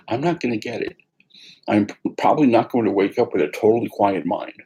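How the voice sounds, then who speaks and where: A man teaching mindfulness meditation in a calm, unhurried way, pausing often as he guides the practice. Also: lowish voice, slightly rough, low-quality recording.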